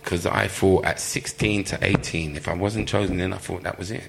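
A former footballer telling lively stories in an interview, laughing often and acting out the people he quotes. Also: deep voice, normal speed, creaky, noisy background. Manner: animated storyteller, laughs often, acts out quoted voices. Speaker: former professional footballer, guest. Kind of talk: live storytelling interview.

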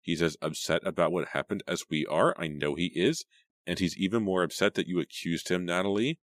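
A man's voice: deep voice, fairly quick, no echo, natural voice. A man reading an insistent teenage girl. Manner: snapping, insistent.

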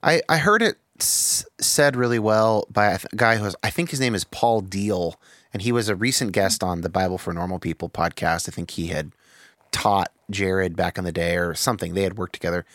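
A podcast host with a low, fairly bright voice talks a little fast, candid and reflective, thinking aloud with restarts and the odd swear word. The recording is dry, with clean studio sound.

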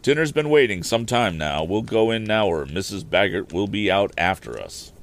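A man's voice: lowish voice, sing-song, moderate pace. A man voicing a kindly older inventor father in a storybook, speaking mildly. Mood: fatherly.

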